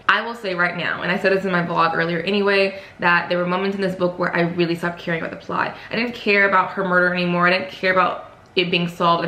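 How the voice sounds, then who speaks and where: Young woman book vlogger, casual, excitable fangirl energy, slangy. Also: fairly low pitch. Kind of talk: casual reading vlog.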